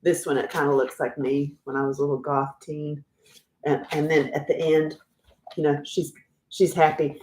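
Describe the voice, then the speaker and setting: Low-voiced chatty woman in her fifties. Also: echoey room, slight background noise. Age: 50s. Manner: rambling, chatty, quick to laugh. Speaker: livestream host and author. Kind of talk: casual livestream chat.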